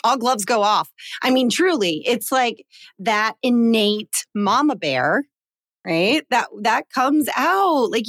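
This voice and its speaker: A woman's voice: a little high, expressive, slow pace, dry recording, studio quality. A woman in her forties co-hosting a podcast, talking in an earnest, heartfelt way. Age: 40s. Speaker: podcast co-host. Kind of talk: casual podcast conversation.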